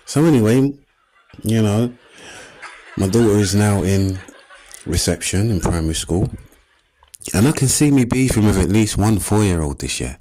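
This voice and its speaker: A man in his thirties with an East London accent doing a stand-up comedy set, animated and streetwise, acting out little scenes. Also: fairly low pitch, moderate pace, pauses often, a little hiss or hum, low-quality recording. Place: comedy stage before a live audience.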